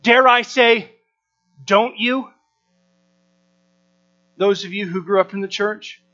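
A man from the United States delivers a sermon to a room full of listeners. His voice sits very high and rings bright and forceful as he presses them with rhetorical questions. The recording is dull and lo-fi, with a mains hum underneath. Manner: emphatic, asks the audience rhetorical questions. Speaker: preacher. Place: room with a live audience.

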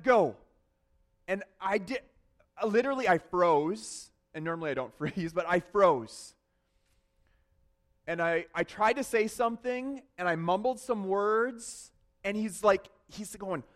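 A man preaching a sermon, telling a personal story with animated swings between loud bursts and hushed confessions. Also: sits high. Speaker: pastor.

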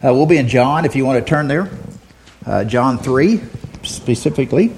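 A man's voice: medium pitch, animated, moderate pace, gravelly, a little mellow, slight background noise. A man teaching a Bible lesson, telling a folksy story and often repeating words as he talks. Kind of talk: sermon.

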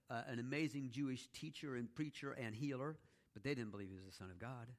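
A man delivers a sermon in a loose, conversational way, as if teaching a small group rather than orating. He keeps asking "okay?" and "all right?" to pull listeners along. He drops playful asides into the story, with a voice sitting at a typical middle pitch. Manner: conversational teaching with frequent "okay?" check-ins. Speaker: pastor.

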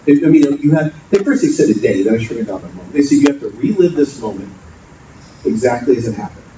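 A man with a mid-range voice preaches a sermon at a quick pace, sounding animated and earnest as he tells stories and often repeats himself. The recording is distant and dull, in a noisy, echoey hall.

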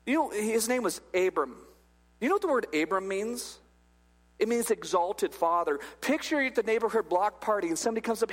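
A man's voice: extremely high pitch, normal speed. A male pastor preaching a humorous, conversational sermon in a church, acting out little dialogues as he goes. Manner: jokey, acts out little dialogues. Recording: long hall reverb.

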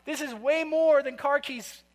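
A man's voice: extremely high pitch, measured pace. A man preaching a sermon to a congregation, telling a story in a chatty way and asking the people questions. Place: church sanctuary. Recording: long reverb of a large hall.

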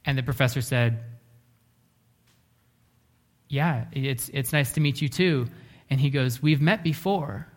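A man's voice: mid-range voice, fairly even intonation. Earnest male preacher telling a story. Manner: earnest, often slows down and drops to a hush for emphasis. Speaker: pastor. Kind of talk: sermon storytelling.

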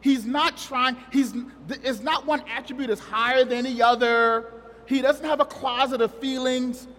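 Brief: a chatty male preacher who jokes with his church, pitched very high, echoing through a large sanctuary. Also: fairly even intonation, measured pace, a bit bright. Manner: conversational, joking, asks the congregation questions. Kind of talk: sermon.

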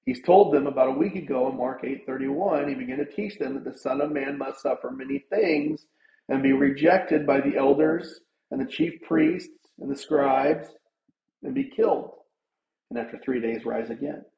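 A man's voice: mid-range voice, normal speed, creaky. A man preaching a sermon with earnest, conversational emphasis, his voice lifting when he drives a point home. The room around him is echoey, and the sound is a bit dull and muffled. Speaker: pastor.

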